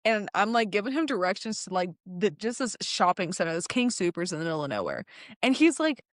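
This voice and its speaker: A young adult woman telling a casual story in an animated way, laughing often and acting out the lines of the people in it. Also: on the low side, fast talker, no room sound, clean studio sound. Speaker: guest telling her car story.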